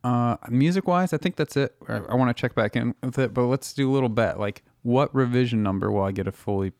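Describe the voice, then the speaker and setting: A man's voice: mid-range voice, brisk, a little mellow, dry recording, clean studio sound. A man hosting a casual podcast chat with friends, laid-back and joking, a bit tipsy. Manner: laid-back, joking, trailing off mid-thought. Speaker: podcast host.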